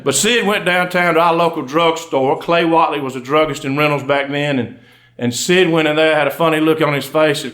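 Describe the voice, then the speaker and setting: Fairly quick and a bit bright, a slightly high male voice carries a Southern Georgia accent. The speaker, an undertaker and storyteller, tells comic tales on stage in a homespun drawl, addressing the audience in asides.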